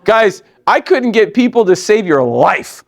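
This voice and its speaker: A man in his forties running a live training session for a sales team, animated and joking, laughing often and talking straight to the room. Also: high-pitched, measured pace, creaky. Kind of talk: live training talk to an audience.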